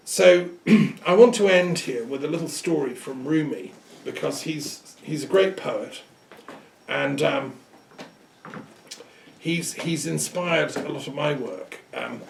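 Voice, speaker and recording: A man with a slightly raised, gravelly voice gives a rambling, conversational lecture, clearing his throat and restarting his sentences. He sounds distant from the microphone. The room around him echoes noticeably. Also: on the high side. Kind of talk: informal lecture with storytelling. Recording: echoey room, speaker away from the mic.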